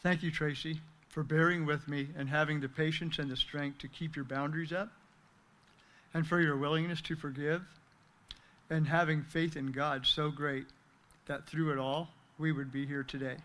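A man's voice: a little high, flat delivery, normal speed, fairly bright tone. A man reading his prepared recovery testimony aloud, earnest and heartfelt, thanking those who helped him. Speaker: speaker sharing recovery testimony.

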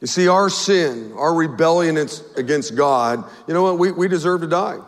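A male pastor preaching a sermon in an animated, folksy way, with stammered restarts. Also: fairly high pitch, moderate pace. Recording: long hall reverb.

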